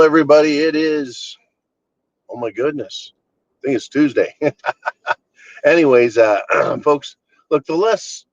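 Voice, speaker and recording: A man's voice: a little high, dry recording, muffled recording. Blunt, exasperated man ranting. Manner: blunt and exasperated, swears freely. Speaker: channel host. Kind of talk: casual political rant.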